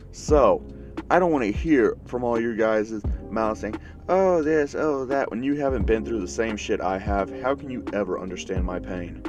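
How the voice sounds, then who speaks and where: A man's voice: fairly low pitch, natural voice. A man voicing an angry young male hero student who rants profanely against his classmates in a fan story. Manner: defiant, profane ranting.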